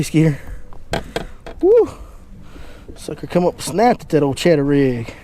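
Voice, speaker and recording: A man, a fishing guide giving excited commentary from a boat and chatting to his dog in baby talk. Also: fairly high pitch, unhurried, slight background noise. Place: on a boat on a lake, outdoors.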